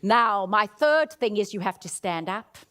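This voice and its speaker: A woman's voice: mid-range voice, expressive, measured pace, a bit bright. A woman giving a motivational keynote talk in an auditorium, leading the audience through vocal exercises. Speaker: keynote speaker. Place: auditorium stage.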